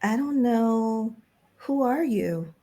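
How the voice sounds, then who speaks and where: A woman's voice: on the high side, lively intonation, slow, dark tone. A woman playing in a live tabletop game, describing her character in a chatty way and laughing often. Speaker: player. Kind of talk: casual role-play as a player.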